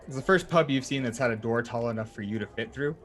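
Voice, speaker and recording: A man as dungeon master, narrating a tabletop game in a relaxed, rambling way full of fillers. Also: medium pitch, fast talker. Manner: relaxed, filler-heavy storytelling.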